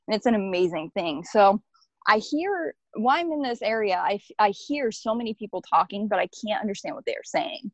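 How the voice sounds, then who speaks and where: A woman's voice: mid-range voice, animated, brisk, no room sound. A woman earnestly recounting a personal experience, rambling and filling her speech with "like". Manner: earnest, rambling, frequent "like" fillers. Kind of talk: personal storytelling. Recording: dull lo-fi dry recording.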